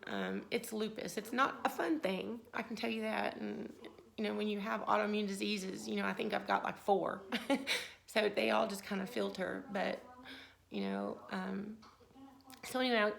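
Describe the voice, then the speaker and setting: A woman with a strongly creaky, gravelly voice shares a personal faith story. She talks in a casual, earnest way and often quotes her own thoughts as she goes. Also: mid-range voice, steady tone, moderate pace. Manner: earnest, conversational, with frequent restarts and quoted inner thoughts. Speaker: vlogger sharing a personal faith testimony.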